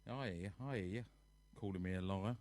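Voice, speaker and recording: A musician and live-stream host chats casually with his audience from his sofa at home, rambling and reading viewer comments aloud. His voice sits low and a little mellow, he talks fast, and there is no room sound.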